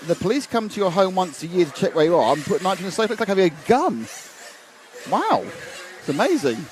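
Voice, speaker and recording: A man's voice: high voice, sing-song, a little fast. A man commentating live on a model car race, chatting and rambling through viewer comments at an outdoor track. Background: engine noise.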